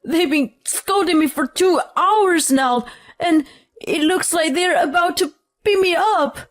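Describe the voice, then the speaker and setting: A woman voicing a panicky adult husband who pleads and whines in a high-strung way. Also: animated, takes it slowly. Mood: panicked.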